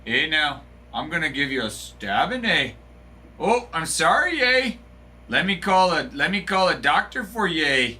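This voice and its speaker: Man doing a mock Canadian accent, overly polite stabber, sing-song, pitched up, bright tone. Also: sing-song, unhurried, exaggerated voice. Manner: sing-song, ending lines with "eh".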